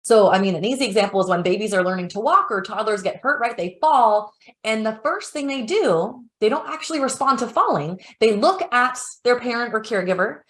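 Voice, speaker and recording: A woman's voice: a little high, animated, brisk, a bit bright. A young woman presenting a parenting webinar in an informal teaching style. She is a parent herself and talks in a chatty way, full of "like" and "you know".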